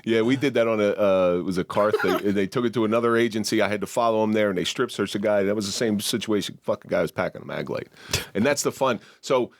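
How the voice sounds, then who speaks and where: Low voice cop guy, blunt and crude, dry close sound. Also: fast talker, no room sound. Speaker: podcast guest, law enforcement officer. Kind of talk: casual storytelling chat.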